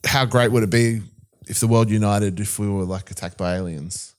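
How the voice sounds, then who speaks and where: A man's voice: on the low side, normal speed. Rambling man, casual podcast chat. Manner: rambling, searching for names mid-sentence. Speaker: podcast co-host.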